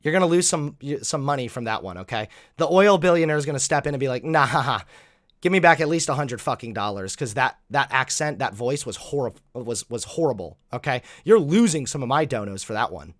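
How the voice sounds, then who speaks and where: A man's voice: medium pitch, animated, fairly quick, fairly bright tone, dry recording, clean studio sound. A man giving sarcastic, exasperated commentary while reacting to clips.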